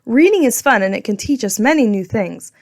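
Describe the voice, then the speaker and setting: A woman voicing a kind, firm mother in a storybook reading, speaking gently and motherly. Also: fairly high pitch, lively intonation, brisk, no echo, studio quality. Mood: gentle. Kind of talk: storybook narration.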